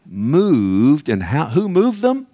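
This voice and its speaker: A man's voice: on the high side, wildly swooping pitch, takes it slowly, mellow. A man preaching a sermon, emphatic and conversational, often asking the congregation "Amen?" and acting out little dialogues.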